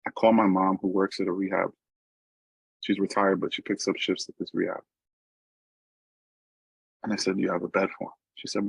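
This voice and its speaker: A middle-aged man with a New York accent speaks in a low, slightly husky voice. He tells his recovery story in a loose, conversational way and keeps checking in with "right?" asides. The recording is dry and close, with no room echo. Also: flat delivery, normal speed, pauses often, dull audio. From New York, USA. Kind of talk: personal recovery talk.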